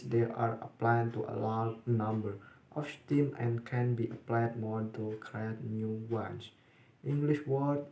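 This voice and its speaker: A young man, a student, reading a class presentation in a careful, flat way with small restarts. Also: mid-range voice. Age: young adult. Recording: echoey room.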